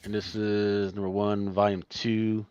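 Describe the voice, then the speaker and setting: A man hosts a loose, casual livestream chat in a rather low voice, rambling and trailing off. The sound is dry and dull, like a lo-fi mic. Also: completely flat delivery, measured pace, darkish tone, clear, resonant tone, dry recording. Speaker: host.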